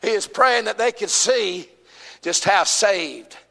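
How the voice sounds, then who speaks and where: A man's voice: sits high, animated, slow pace, creaky, sharp tone, long reverb tail. A man with a Southern US accent preaching a sermon, folksy and emphatic, calling out to his congregation.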